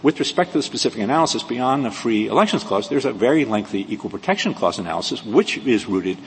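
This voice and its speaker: A man arguing a case as an advocate in a courtroom, measured and precise, with frequent restarts. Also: medium pitch, lively intonation. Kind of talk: courtroom oral argument. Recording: reverberant courtroom audio with faint hiss.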